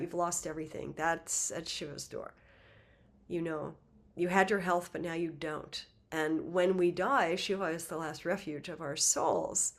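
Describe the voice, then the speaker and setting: A woman giving a spiritual talk, telling a myth in a lively, conversational way with casual asides. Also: lowish voice, normal speed. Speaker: spiritual teacher. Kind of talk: casual storytelling lecture.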